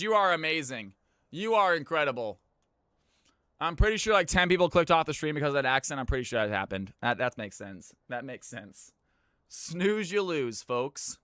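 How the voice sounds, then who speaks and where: Bright, smooth-voiced male streamer. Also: on the high side, very animated, normal speed, no echo, clean studio sound. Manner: playful, joking, laughs often, turns hype when casting. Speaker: streamer and game shoutcaster. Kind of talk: live stream chat and esports play-by-play.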